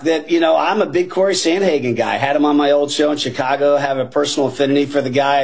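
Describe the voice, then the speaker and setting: On a lively betting talk show, a husky man with a high-pitched voice argues his fight picks with punch and emphasis. He often speaks to the panel as "guys" and leans on his pet points, sounding every bit the experienced sports analyst.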